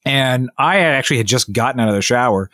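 A man's voice: mid-range voice, quick pace, no room sound. Man telling a rambling story, dry sound. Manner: rambling, animated retelling with many restarts and quoted voices. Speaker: podcast co-host. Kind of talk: casual storytelling chat.

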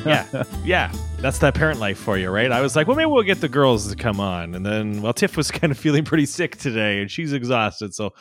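A man, co-hosting a casual chat and telling expressive parenting stories. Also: medium pitch, a little fast, few pauses, soft background music. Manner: expressive, laughing, acting out his child. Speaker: podcast co-host.

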